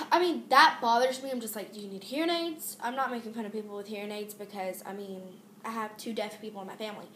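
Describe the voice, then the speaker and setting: A woman's voice: fairly high pitch, fast, sharp tone, roomy sound, slight background noise. A teenage girl vlogging a casual rant about pet peeves, exasperated and rambling with many fillers and restarts.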